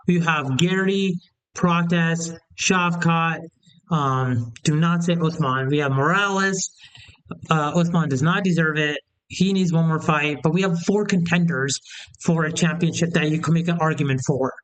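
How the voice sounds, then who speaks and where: Young male commentator, slightly high smooth voice, opinionated rambling rant. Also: fairly even intonation, moderate pace, poor audio. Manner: opinionated, heated, rambling with restarts. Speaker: MMA commentator. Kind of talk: casual opinion rant to camera.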